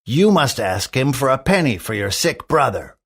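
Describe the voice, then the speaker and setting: A man's voice: medium pitch, big pitch swings, moderate pace, gravelly, a bit bright, husky, voice pushed up, heavily acted. A man voicing a sly, pushy teenage beggar boy who talks in a wheedling, bossy way while reading a storybook aloud.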